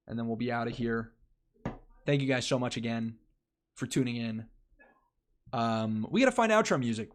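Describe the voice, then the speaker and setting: A young man hosting a casual live stream, rambling and restarting his phrases as he talks to his chat. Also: mid-range voice.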